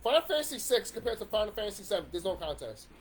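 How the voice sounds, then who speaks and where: A man's voice: sits high, big pitch swings, racing. A man in a casual ranting monologue about video games, swearing and rambling with restarts. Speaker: YouTube commentator.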